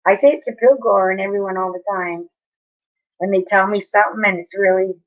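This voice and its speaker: A woman's voice: mid-range voice, steady tone, brisk, lo-fi sound. A woman chatting casually with viewers on a live stream, apologetic and talking straight to her chat.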